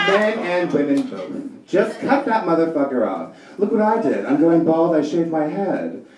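A man's voice: sits high, very animated, takes it slowly, long pauses, over music. A man in his thirties doing a stand-up comedy set, ranting in an exasperated, profane way. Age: 30s. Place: comedy club stage before a live audience. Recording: echoey room, distant mic, loud audience laughter.

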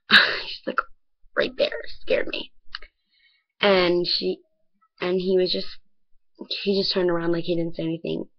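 A teenage girl vlogging casually in a rambling way, full of fillers and often dropping to a soft near-whisper. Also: on the low side, little pitch movement, measured pace, long pauses, highs cut off. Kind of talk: casual bedroom vlog.

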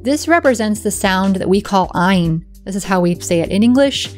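A woman's voice: mid-range voice, animated, brisk. Patient woman explaining over faint music. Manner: patient, clear explaining with frequent "right?" check-ins. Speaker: educational video host. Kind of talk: scripted educational explainer.

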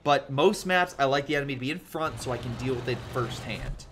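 A man giving chatty, animated play-by-play commentary on a strategy game replay, with lively asides to his viewers. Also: mid-range voice, a little fast, faint music behind. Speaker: video game replay caster.

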